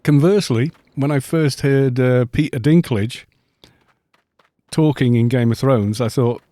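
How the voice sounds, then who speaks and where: Middle-aged streamer, warm low-key tone, dry close sound, rambling and laughing as he chats. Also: measured pace, no room sound. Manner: chatty and rambling, laughs often. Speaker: game streamer. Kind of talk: casual chat on a live stream.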